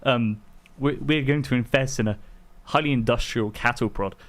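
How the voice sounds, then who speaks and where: A man's voice: medium pitch, normal speed. An English man co-hosting a casual live-stream chat, speaking hesitantly with frequent ums and restarts. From England. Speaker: podcast co-host.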